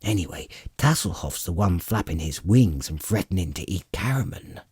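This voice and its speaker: A man voicing a gruff old male dwarf warrior who talks in a terse growl. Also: low voice, expressive, moderate pace, a little mellow, no room sound, clean studio sound, heavily acted. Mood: gruff urgent.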